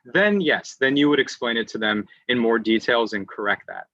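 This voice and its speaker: A man's voice: medium pitch, expressive, moderate pace, fairly bright tone. A man giving an online lecture on teaching English, explaining patiently with frequent restarts and "um"s. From United States. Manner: patient explainer who often restarts phrases and fills with "um". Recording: dry, slightly muffled online audio.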